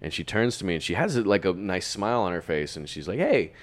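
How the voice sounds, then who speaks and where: Very deep-voiced man rambling. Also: expressive, quick pace. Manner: rambling, self-deprecating, laughs often, swears freely. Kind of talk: casual storytelling chat.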